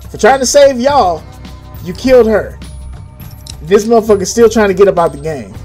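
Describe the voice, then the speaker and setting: A man co-hosting a casual, profane podcast chat, animated and jumping up into acted quotes. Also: sits high, normal speed, breathy edge, soft background music. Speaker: podcast co-host.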